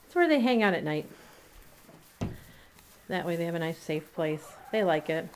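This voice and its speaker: A woman with a fairly low, animated voice talks at normal speed, narrating a rambling, casual tour of her small farm outdoors among barns and animals. She uses lots of fillers and laughs lightly. Her handheld camera mic adds a little hiss or hum.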